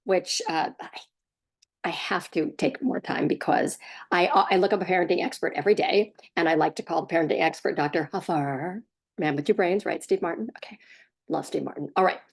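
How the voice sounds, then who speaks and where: A woman in her forties, a parenting coach, talking casually to the camera in a chatty, animated way that keeps jumping up in pitch as she acts out what others say. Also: a little fast, gravelly, husky. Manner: chatty, animated, laughs, acts out quotes with a raised voice.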